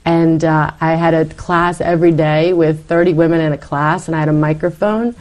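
A middle-aged woman telling her personal faith story in conversation, animated and acting out her past self. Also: low-pitched, normal speed. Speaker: interview guest.

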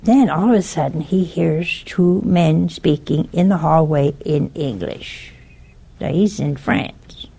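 A woman speaks slowly in a low, gravelly voice with a husky edge. She delivers an informal religious talk on a broadcast network. She is earnest and warning, and she walks through a story one step at a time. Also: mellow.

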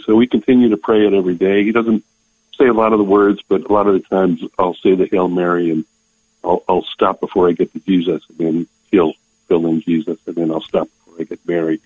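An older man speaks over a tinny, phone-like line. His voice is low and husky, his delivery halting and full of restarts as he tears up. He sounds close and dry. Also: fairly even intonation, no room sound. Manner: halting, emotional, many restarts. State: tearing up. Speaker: caller. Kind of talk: call-in testimony.

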